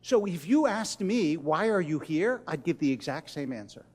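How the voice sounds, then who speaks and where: Expressive man telling stories to a crowd. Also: fairly high pitch, big-room sound. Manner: dramatic pauses, drops to a hush at key lines. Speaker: rabbi giving a keynote speech. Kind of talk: storytelling speech to an audience. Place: large event hall.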